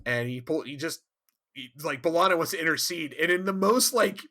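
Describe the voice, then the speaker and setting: Podcast host guy, bright voice, swears a lot and keeps laughing. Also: fairly high pitch, a little fast. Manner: animated, profane, laughs often. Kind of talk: casual chat.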